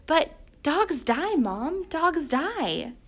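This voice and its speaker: A woman voicing a frightened young boy who is sick and hoarse. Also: high voice, animated, slow, pitched above the performer's own voice, heavily acted. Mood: scared.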